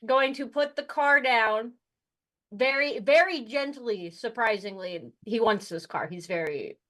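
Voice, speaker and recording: A woman's voice: a little high, a little slow, fairly bright tone, poor audio. A woman playing a tabletop game, describing her character's moves in a gleeful, rambling way. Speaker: player.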